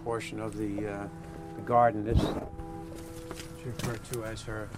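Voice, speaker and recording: A man giving a tour of a garden and house, talking in a halting, reflective way with many fillers. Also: fairly low pitch, flat delivery. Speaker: widower giving a home tour. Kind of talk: interview recollection while walking. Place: garden outdoors. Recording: outdoor noise with passing traffic.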